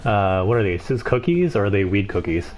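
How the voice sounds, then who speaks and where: Sarcastic male game streamer, fairly low. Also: sing-song, brisk, darkish tone. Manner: sarcastic, mocking running commentary. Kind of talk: live gameplay commentary.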